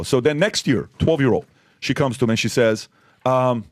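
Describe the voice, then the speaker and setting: A man's voice: medium pitch, moderate pace, no room sound, clean studio sound. A man hosting a podcast, talking emphatically and firing off repeated rhetorical questions. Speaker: podcast host. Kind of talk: opinionated podcast talk.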